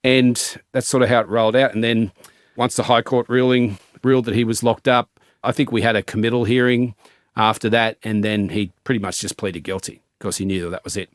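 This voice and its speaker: Middle-aged ex-detective telling a case. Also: male voice, fairly low pitch, flat delivery, no room sound, clean studio sound. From Australia. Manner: measured storytelling with fillers and restarts. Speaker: former police detective. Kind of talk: recounting a case in an interview.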